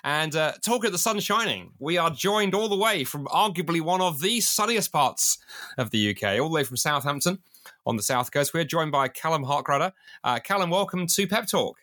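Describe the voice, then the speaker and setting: Bright, jovial male podcast host. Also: on the high side, animated, moderate pace. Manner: jovial, chatty. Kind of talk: casual podcast hosting.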